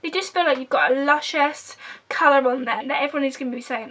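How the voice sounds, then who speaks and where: A woman's voice: high voice, normal speed, fairly bright tone, slight background noise. A young woman with an Essex accent, casually reviewing makeup in a gushing, chatty way that sometimes drops to a whisper. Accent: Essex English. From England. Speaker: beauty vlogger.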